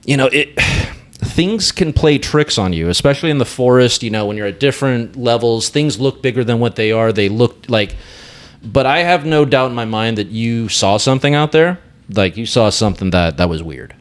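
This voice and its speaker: A man's voice: medium pitch, lively intonation, normal speed. A man hosting a podcast, speaking in casual chat that halts and restarts with "you know.". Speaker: podcast host.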